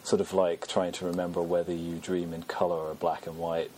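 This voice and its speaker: A man with a very low voice chats casually as a podcast host. He rambles and undercuts himself with plenty of ums. Faint background hiss sits under his speech. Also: monotone, brisk, a little mellow. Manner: rambling, self-deprecating, many fillers. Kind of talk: casual chat.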